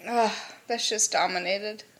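A woman co-hosting a podcast in casual chat, giggly and animated as she tells stories. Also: medium pitch, measured pace. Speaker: podcast co-host.

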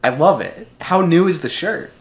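A man's voice: on the high side, animated, moderate pace. A man co-hosting a podcast in casual chat, rambling and poking fun at himself, laughing often. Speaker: podcast co-host.

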